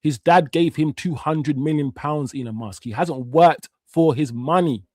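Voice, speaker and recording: A man in his fifties, Jamaican-born, now, rants through a casual live stream, slangy and swearing, in a voice pitched a little higher than most men's. The sound is dry and close, with no room around it. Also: a little slow, a little mellow, no echo. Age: 50s. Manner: heated, swearing, street slang. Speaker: watch-along stream host.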